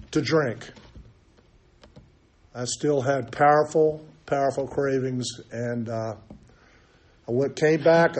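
An older man with a fairly high, slightly mellow voice gives a candid, self-mocking testimony as a recovery meeting speaker. He talks in a loose storytelling way, full of fillers.

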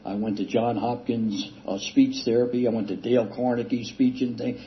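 A man's voice: mid-range voice, fairly even intonation. Older man telling a rambling recovery story. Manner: rambling, self-deprecating, with halting restarts and chuckles. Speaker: speaker sharing a recovery story. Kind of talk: casual storytelling talk. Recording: dull lo-fi recording with faint hiss.

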